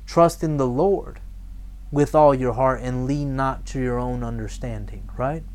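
A man preaching a sermon, reading scripture and acting out quick voices of the people he talks about. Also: mid-range voice. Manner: animated preaching, acts out voices. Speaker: pastor.

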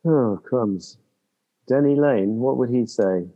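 Man, podcast co-host, easygoing hesitant guesses, mellow tone, dull lo-fi audio with long reverb. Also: mid-range voice, slow. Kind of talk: casual podcast chat.

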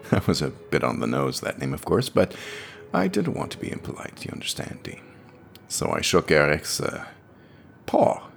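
A man's voice: extremely low pitch, wildly swooping pitch, normal speed, gravelly, soft background music, full character voice. A young man playing a cheeky dream traveler, narrating in a wry, chatty way. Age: young adult. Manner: wry, conversational storytelling. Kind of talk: audio drama monologue narration.

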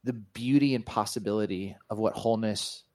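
A man's voice: lowish voice, brisk, a little mellow. A man who is a pastor and author, talking earnestly and reflectively as an interview guest. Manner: earnest, reflective, speaks in spiritual terms. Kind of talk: reflective conversation.

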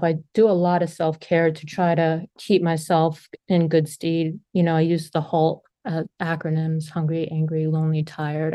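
Middle-aged woman, recovery-meeting share; candid and casual, curses freely, lower register, dry. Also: dark tone, no echo. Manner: frank, conversational, swears freely. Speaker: speaker sharing at a recovery meeting.

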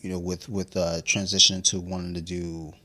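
A deep, bright-toned man with a slightly husky edge, chatting casually. He swears freely, laughs through his stories and sounds a little drunk. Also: little pitch movement, normal speed. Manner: profane, laughing, storytelling. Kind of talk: casual chat.

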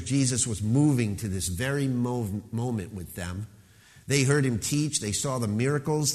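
A man pastor preaching a sermon with emphasis, slowing down to stress key words. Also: mid-range voice, long reverb tail.

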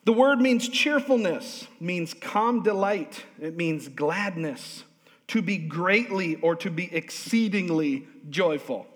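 High-voiced man preaching in a reverberant church. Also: slow pace. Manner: lively, humorous preaching with call-and-response. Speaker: pastor. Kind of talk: sermon. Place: church sanctuary. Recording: long hall reverb.

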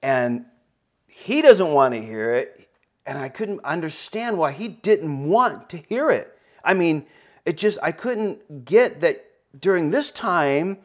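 A man, a pastor, telling a personal story in a sermon, often halting and repeating words, his voice lifting at the emotional points. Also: a little high, very animated.

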